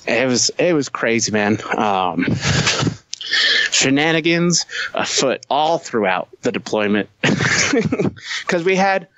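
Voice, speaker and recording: A man who is a Marine veteran and podcast guest, telling profane, animated war stories in casual conversation, laughing often. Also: medium pitch, takes it slowly, pauses often, no echo, poor audio. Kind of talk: casual storytelling.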